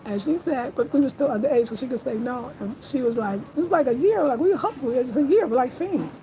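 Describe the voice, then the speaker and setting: A woman, telling stories in a casual, animated, slangy way and acting out quotes in a higher voice. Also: fast talker, slight background noise, rough recording. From Brooklyn, New York. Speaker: host. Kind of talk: casual storytelling chat.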